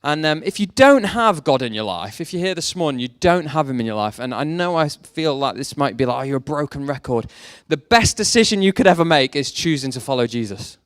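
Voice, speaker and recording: A man's voice: fairly high pitch, very animated, a little fast, few pauses, fairly bright tone, dry recording, studio quality. A young man preaching a sermon, mixing faith talk with self-deprecating jokes about his past. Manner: jokey, self-deprecating storytelling. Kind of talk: sermon with personal stories.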